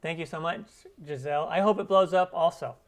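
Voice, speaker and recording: A man's voice: on the high side, fairly quick. Chatty man answering live chat. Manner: chatty, rambling, answers viewer comments with many fillers. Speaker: cooking channel host. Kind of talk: live stream Q&A. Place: lives in Arizona.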